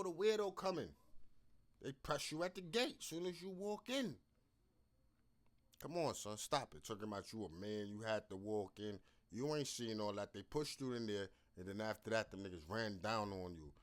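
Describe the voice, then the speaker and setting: A man commenting over a played phone call, scolding and mocking in casual street talk. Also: medium pitch.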